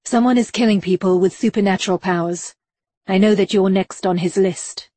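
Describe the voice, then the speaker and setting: A woman voicing a stern, urgent Victorian gentleman who talks in terse commands. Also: mid-range voice, normal speed, no echo, lightly acted.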